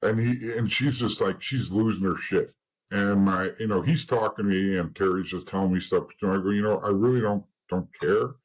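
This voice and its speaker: A man with a husky, slightly low voice talks as a guest in an interview. He tells his stories bluntly and casually, swears freely, and acts out the lines of the people in them. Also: steady tone, brisk, rough recording.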